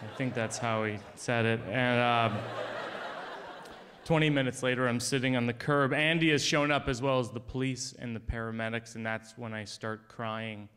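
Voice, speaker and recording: Male comedian with a clear, resonant voice, telling a personal story in a dry, deadpan stand-up style. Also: mid-range voice, moderate pace.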